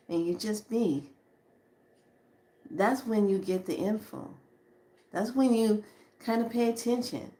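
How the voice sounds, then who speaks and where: Chatty woman giving a spiritual talk. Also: medium pitch. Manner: chatty, animated, laughs often, acts out quotes; slows to a soft hush on calming lines. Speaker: spiritual teacher. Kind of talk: casual spiritual talk to viewers.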